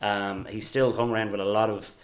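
Man, low voice, guest speaker, careful and hedging. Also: flat delivery. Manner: measured, hedging. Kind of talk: casual discussion.

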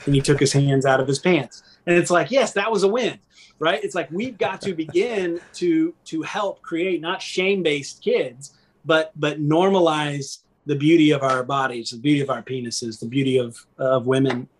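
Guest spot: middle-aged man, raised pitch, earnest and animated, conversational. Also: normal speed. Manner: earnest, animated storytelling with frequent "right?". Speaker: podcast guest, former pastor. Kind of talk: candid conversational interview.

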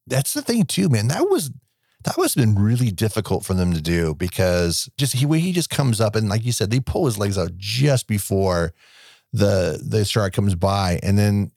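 A man's voice: lowish voice, very animated, normal speed, vocal fry, darkish tone, dry recording, studio quality. A man chatting about a film on a podcast, enthusiastic and rambling, swearing freely. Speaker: podcast co-host. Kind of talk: casual movie discussion.

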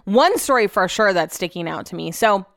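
A woman's voice: mid-range voice, expressive, moderate pace, creaky, a bit bright, no room sound, clean studio sound. A young woman hosting a podcast, telling stories in casual chat, chatty and emotional with frequent swearing. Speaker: podcast host.

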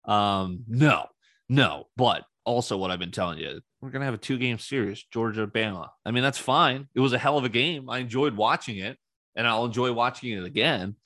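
A man's voice: medium pitch, normal speed, sharp tone, dry recording, studio quality. A man hosting his own sports talk show, rambling and opinionated with sarcastic asides, speaking casually on his own. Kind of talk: casual solo sports commentary.

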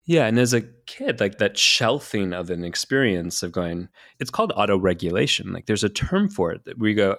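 A man hosting a podcast conversation, speaking in a reflective, calm way. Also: fairly low pitch, moderate pace, few pauses, no echo, studio quality.

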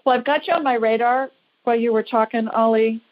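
A woman's voice: a little high, a little fast, narrow, tinny audio. A woman hosting a call-in show, chatty, upbeat and reassuring with her callers. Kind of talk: call-in radio chat.

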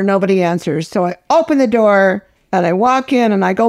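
A woman's voice: medium pitch, normal speed, hardly any pauses, no room sound, clean studio sound. Older woman, film director, blunt, salty, casual storytelling. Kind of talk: casual interview chat.

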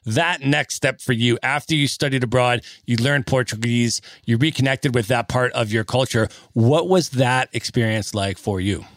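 A man hosting a podcast interview, telling his own travel story in an excitable, animated way before turning to ask questions. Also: medium pitch, normal speed, few pauses, dry recording. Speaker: podcast host. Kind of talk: casual interview chat.

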